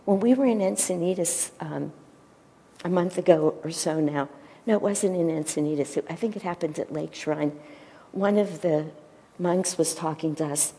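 A woman giving a gentle devotional talk and retelling a story, pausing at times to search for her words. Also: fairly low pitch, big-room sound. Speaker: spiritual teacher.

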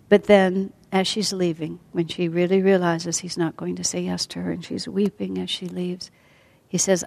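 Gravelly low-voiced woman telling a story. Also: flat delivery, moderate pace. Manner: soft-spoken, often sinking to a near whisper. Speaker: teacher. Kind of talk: storytelling lesson.

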